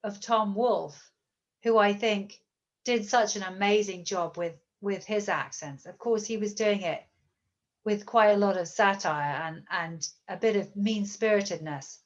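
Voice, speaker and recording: A woman's voice: medium pitch, measured pace, dull audio. A British woman author answering audience questions in a thoughtful, hesitant way, often repeating words. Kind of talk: bookstore author Q&A.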